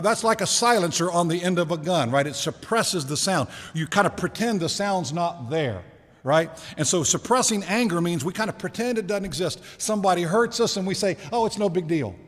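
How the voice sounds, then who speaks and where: A male pastor giving a sermon in a relaxed, conversational way, asking the congregation questions and slowing down to stress key words. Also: fairly high pitch. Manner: conversational preaching with rhetorical questions and slowed emphasis. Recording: long reverb of a large hall.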